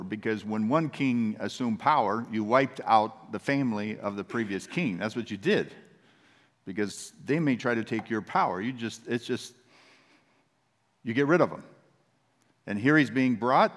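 A man's voice: medium pitch, long reverb tail. A man, a pastor, preaching a sermon in a conversational, storytelling manner.

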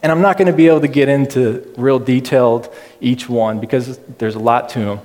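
A man giving a casual, chatty sermon in a low-key, self-deprecating way. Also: steady tone, fairly quick, a little mellow. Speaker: preacher. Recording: reverberant hall.

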